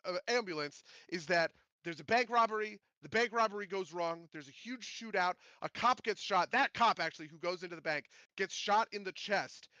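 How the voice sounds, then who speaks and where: A man hosting a podcast, chatting casually about movies in a rambling, animated way with many restarts. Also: high voice, normal speed, hardly any pauses, dry recording, dull audio. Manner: rambling, animated, self-interrupting. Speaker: podcast host.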